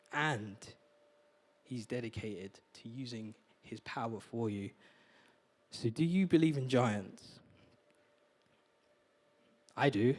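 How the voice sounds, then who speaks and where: A man's voice: medium pitch, a little mellow. A man preaching as a guest speaker, earnest and confessional, often stumbling and repeating words. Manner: heartfelt and confessional. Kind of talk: sermon.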